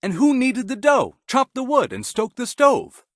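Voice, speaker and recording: A man voicing a patient, hardworking male cockerel in a storybook tale, calling out loudly and eagerly. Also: very high-pitched, wildly swooping pitch, unhurried, no room sound, studio quality, voice pushed up, heavily acted.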